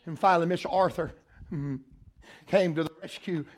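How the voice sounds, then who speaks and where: Older Southern pastor, high-pitched voice, shifts from soft storytelling to shouting. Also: male voice, normal speed. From South Carolina. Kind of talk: sermon.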